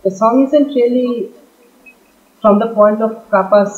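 A man's voice: high voice, steady tone, moderate pace, darkish tone. A man with an Indian accent on a casual podcast, speaking hesitantly and poking fun at himself. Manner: hesitant, self-deprecating. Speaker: podcast co-host. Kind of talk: casual discussion. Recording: dull, echoey room sound.

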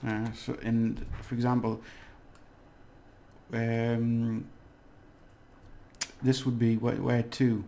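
A man's voice: mid-range voice, completely flat delivery, very slow, creaky, pauses often, mellow, slight background noise. A man teaching a casual video lesson, rambling and hesitant, with fillers and small jokes. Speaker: language teacher.

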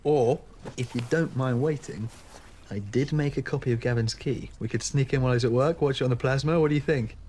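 Bloke playing a lazy cheeky young british guy, deadpan sitcom slacker, bit of hiss behind. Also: medium pitch, fairly quick, natural voice. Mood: laid-back. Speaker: Dan, a lazy young man house-sitting.

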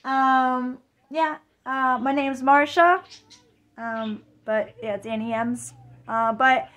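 A woman vlogger chatting casually, gushing and rambling with excitement over a new arrival. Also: high voice, slow pace. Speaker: reborn doll vlogger. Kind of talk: excited casual vlog chat.

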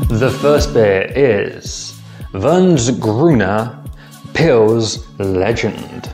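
A man's voice: mid-range voice, unhurried, music in the background. A young man hosting a casual beer-tasting vlog, chatty and a little hesitant, talking straight to his viewers. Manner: chatty, hesitant with ums, addresses viewers as guys and team. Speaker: beer-tasting vlogger, channel host.

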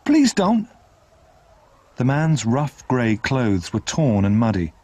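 A man narrating a retold classic novel in an expressive, dramatic reading style. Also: mid-range voice, a little slow, dry recording. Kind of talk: scripted storybook narration.

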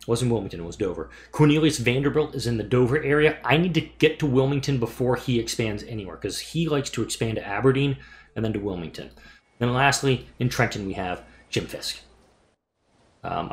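Gaming host, male, casual play-by-play, thinks out loud, mumbles, swears now and then, pitch swings a lot. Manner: thinks aloud, muttering to himself while planning. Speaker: let's play gamer. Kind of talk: casual gameplay commentary.

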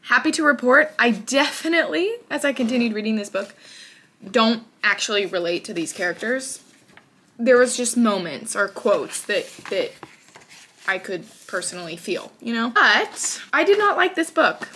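Woman, book vlogger, husky voice, casual and candid, reads passages aloud with feeling. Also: on the high side, normal speed, a bit bright. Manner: candid and emotional, swears casually.

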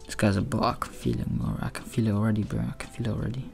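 A man's voice: fairly low pitch, sing-song, rapid-fire, gravelly, darkish tone, soft background music. A man giving casual gaming commentary as a YouTuber, boastful and hyped, full of slang.

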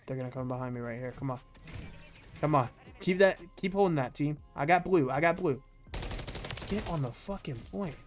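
A man with a fairly high voice narrates his shooter match as it happens, excitable and quick to swear. He trash-talks opponents and teammates alike. Faint music and game gunfire sit underneath. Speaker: gaming YouTuber. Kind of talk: live gameplay commentary.

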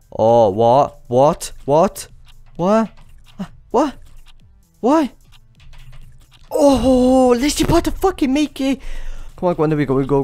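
A man streaming a stressful game, his pitch leaping wildly between low mutters and high yelps as he swears and urges himself on. The sound is dry and close, with faint game music underneath. He sounds breathless and frantic throughout. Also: darkish tone, no echo. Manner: swearing, frantic exclamations while playing. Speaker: gaming channel host. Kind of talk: let's play commentary.

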